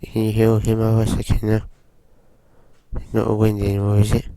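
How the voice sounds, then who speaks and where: A man with a groggy voice from a cold, giving slow, hesitant casual commentary while playing a driving game. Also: on the low side, completely flat delivery, mellow, smooth. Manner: slow, hesitant, with frequent fillers. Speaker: gaming channel host.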